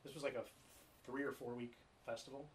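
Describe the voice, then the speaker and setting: A man's voice: medium pitch, flat delivery, brisk, a little hiss or hum. Rambling, swearing podcast co-host man. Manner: rambling storyteller, swears freely. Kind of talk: casual chat.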